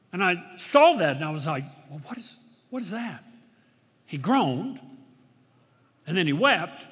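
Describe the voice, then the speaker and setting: A middle-aged male pastor preaching a sermon, swinging from loud exclamations to quiet storytelling, recorded in a large church auditorium. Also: fairly high pitch, slightly rough. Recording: long hall reverb.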